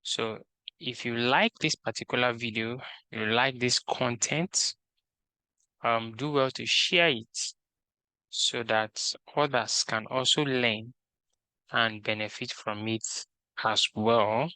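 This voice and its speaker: With fairly even intonation and a pushed, bright medium-pitched voice, a man narrates a screen-recorded coding tutorial with no room sound. He reads every task's instructions aloud and talks through his work in a slow, methodical manner.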